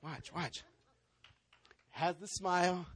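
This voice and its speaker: A male pastor preaching a sermon in an animated way, stepping into role-play to act out members of his congregation. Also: high-pitched, slow, husky.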